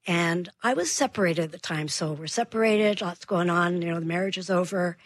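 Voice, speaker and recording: Brief: female parenting expert guest, slightly husky, dry close mic, animated storyteller. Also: lowish voice, a little fast, no echo. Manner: animated storyteller acting out dialogue. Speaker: guest child behavior expert. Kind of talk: radio interview storytelling.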